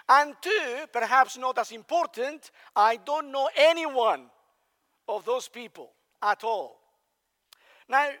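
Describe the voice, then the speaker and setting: Male preacher from Spain, very high voice, conversational sermon, long reverb of a large hall. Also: a bit bright. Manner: conversational, asks the congregation questions.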